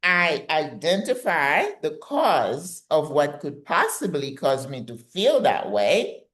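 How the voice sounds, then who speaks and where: A woman's voice: deep voice, big pitch swings, slow pace, fairly bright tone. An older woman hosting her channel, giving direct, emphatic, motivational advice.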